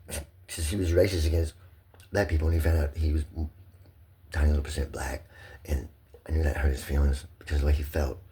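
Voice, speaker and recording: A man giving a rambling personal monologue. He is profane, repeats himself, and swings between hushed murmurs and loud, heated outbursts. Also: a bass voice, level tone, a little fast. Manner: profane, repetitive and impassioned.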